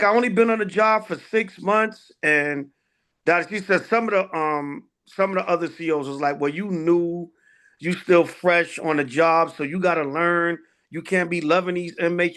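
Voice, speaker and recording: A man with a high, gravelly voice leads a casual class as an elder. He tells long stories full of fillers, slipping into other people's voices as he quotes them. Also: a bit bright. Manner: storytelling with many fillers and quoted dialogue.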